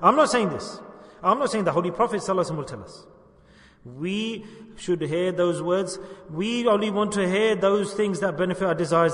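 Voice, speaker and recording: Earnest high-voiced male preacher, echoing hall. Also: expressive, a little fast. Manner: earnest, repeats for emphasis, asks the audience questions. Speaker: religious teacher. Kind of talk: sermon.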